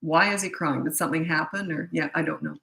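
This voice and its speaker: A woman's voice: sits low, fast talker, vocal fry, sharp tone. A middle-aged woman hosting a live parenting Q&A, chatty, blunt and self-deprecating as she answers viewer questions. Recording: echoey room.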